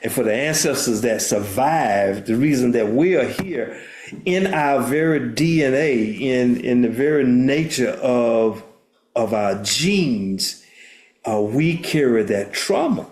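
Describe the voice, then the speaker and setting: Expressive and slow, this medium-pitched male voice has a darkish tone. The older U.S. therapist and minister earnestly shares a story as an interview guest and often restarts words, with a roomy echo in the recording.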